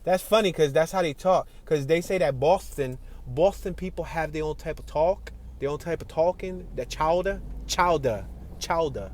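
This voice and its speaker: Driving through city traffic, a vlogger with a fairly high, slightly mellow voice speaks at normal speed with few pauses over slight background noise. He keeps up a casual, chatty commentary, laughing a lot and calling out to people outside the car.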